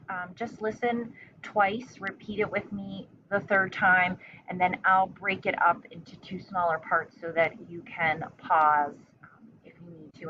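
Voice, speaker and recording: A young adult woman teacher dictating a spelling test to children, slowly and carefully, with long pauses between words. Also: on the low side, fairly bright tone. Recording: slightly dull recording with faint room noise.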